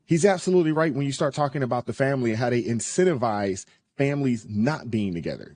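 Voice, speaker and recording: A man's voice: medium pitch, mellow, dry recording. A man in a casual podcast discussion, speaking earnestly, citing data and repeating himself for emphasis.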